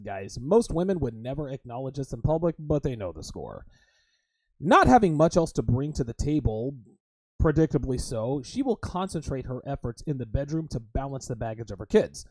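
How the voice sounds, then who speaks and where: A man's voice: a little high, dark tone, dry recording. A man hosting a livestream podcast, talking crudely and emphatically and repeatedly calling his listeners guys. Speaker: host.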